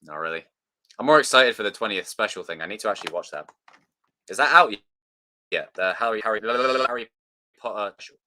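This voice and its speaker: A man's voice: lowish voice, fairly quick, long pauses, bright, forceful tone. A man hosting a live stream, chatting casually, reading viewer comments and swearing as he banters. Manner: banters and swears, quotes films mockingly. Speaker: livestream host.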